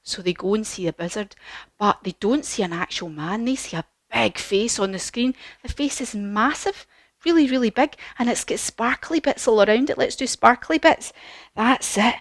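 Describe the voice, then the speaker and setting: A woman teaching a children's yoga class as a story, lively, encouraging and sing-song. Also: a little high, normal speed, no room sound.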